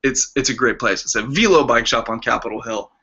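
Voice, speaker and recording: A man in his thirties, casually telling a story as a vlogger and acting out the quoted lines with lively voices. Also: medium pitch, brisk, husky. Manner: animated, acts out quoted lines with shifting voices. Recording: slightly dull lo-fi sound.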